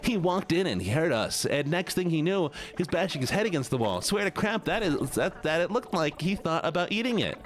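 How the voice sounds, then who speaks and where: A man's voice: a little high, sing-song, fairly quick, hardly any pauses. A man doing an eager gossiping coworker. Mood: gossipy.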